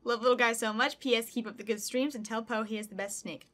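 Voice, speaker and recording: A young woman chatting in a casual vlog, bubbly and excitable, her voice jumping high and getting teary as she opens fan mail. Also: fast talker. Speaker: YouTuber. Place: home room with packages.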